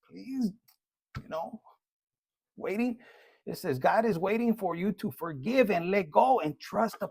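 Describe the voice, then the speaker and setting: A man's voice: high voice, darkish tone, dry recording. A man giving a casual collective tarot reading, blunt and profane, joking and dropping in Spanish slang. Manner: reads card messages aloud slowly. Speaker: tarot reader.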